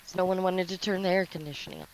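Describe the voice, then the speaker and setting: A woman's voice: lowish voice, fairly even intonation, racing, a little hiss or hum, low-quality recording. A woman playing a ghost-hunting game with a friend, laid-back and joking, swearing casually as she chats. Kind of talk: casual gaming chat with a friend.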